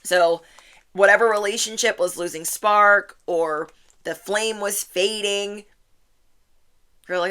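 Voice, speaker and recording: Bright-voiced animated woman reading tarot. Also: mid-range voice, takes it slowly, long pauses, clear, resonant tone. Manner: animated, quotes listeners in playful voices, laughs often. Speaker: tarot reader.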